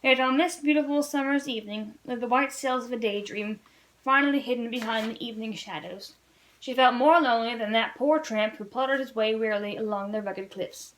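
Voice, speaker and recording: High-voiced woman reading a novel aloud. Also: brisk, fairly bright tone, rough recording. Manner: earnest storybook narration, occasional slips and restarts. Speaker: reader of a book-club read-along.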